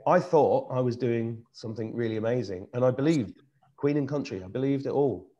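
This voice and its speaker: A middle-aged man from Britain, hosting a casual chat and telling a personal story in an earnest, animated way, often restarting his sentences. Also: medium pitch, fairly quick, lo-fi sound. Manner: earnest, animated, repeats himself while searching for words. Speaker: host.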